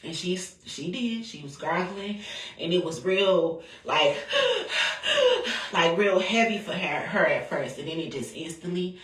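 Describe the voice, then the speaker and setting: A woman's voice: fairly low pitch, animated, measured pace, a bit bright. A woman, telling a personal story in a candid, profane, rambling way. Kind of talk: casual storytelling. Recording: roomy, distant from the mic.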